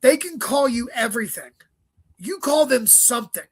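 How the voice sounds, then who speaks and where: A man, a stand-up comedian, chatting as an interview guest, telling stories quickly with swearing and joking asides. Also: extremely high pitch, lively intonation, breathy edge, dry recording. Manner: profane, rapid storytelling with joking asides. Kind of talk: casual interview chat.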